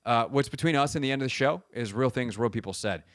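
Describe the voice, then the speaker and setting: A man's voice: medium pitch, fast talker, a bit bright, no echo. A man hosting a sports radio show, telling stories in a casual, rambling way and poking fun at himself, on a studio microphone. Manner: rambling, self-mocking storytelling.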